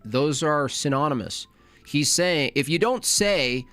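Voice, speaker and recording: A man's voice: fairly high pitch, expressive, slow, pauses often, fairly bright tone, no room sound, soft background music. A man reacting to a clip, ranting with sarcastic questions. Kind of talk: casual reaction commentary.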